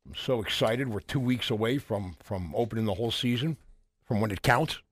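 A man co-hosting a radio show, telling stories in an animated way, with fillers and restarts. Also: fairly low pitch, brisk. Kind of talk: casual radio chat.

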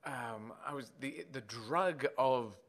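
A man, telling stories in an interview in a rambling, animated way with many restarts. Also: mid-range voice, slow. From Britain. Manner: animated storyteller, rambling with restarts and playful language switches. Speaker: guest. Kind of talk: conversational interview.

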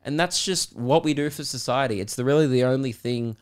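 With a clear, resonant medium-pitched voice that moves a little fast, an Australian man hosts his podcast and spins a casual yarn. The comedian keeps it animated, full of swearing, jokes, and laughter.

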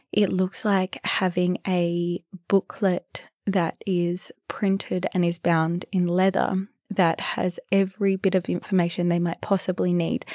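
A young woman hosting a podcast, telling stories in a chatty, animated way and sometimes dropping to a whisper. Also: on the low side, no echo, studio quality. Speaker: podcast host and B&B owner. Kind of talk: casual storytelling.

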